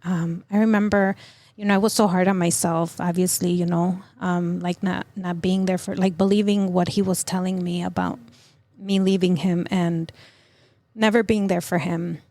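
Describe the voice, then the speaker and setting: A middle-aged woman telling of a personal loss as a podcast guest, in a halting, emotional way full of fillers and restarts. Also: fairly low pitch, flat delivery, dark tone, no echo. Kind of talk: personal testimony in an interview.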